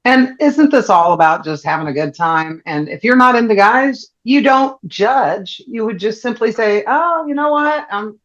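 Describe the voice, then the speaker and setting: A woman's voice: medium pitch, normal speed, few pauses, lo-fi sound. A woman co-hosting a podcast, interjecting matter-of-factly in casual chat. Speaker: podcast co-host.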